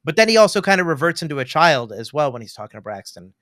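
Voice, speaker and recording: A man co-hosting a casual film review podcast, animated and quick to act out lines from the movie. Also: on the high side, no room sound, clean studio sound. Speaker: podcast co-host.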